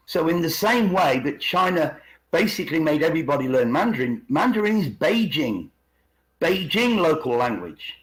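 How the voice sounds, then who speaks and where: A man's voice: a little high, poor audio. A man from England talking casually as a podcast co-host, rambling and repeating words as he explains. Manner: rambling, repeats words, puts on regional accents. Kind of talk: casual conspiracy podcast chat. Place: living in China.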